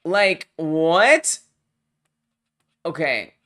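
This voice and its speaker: A live-stream host playing a game and commenting, excitable, swinging between mock rage and giggly chatter with playful made-up exclamations. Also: mid-range voice, extremely slow.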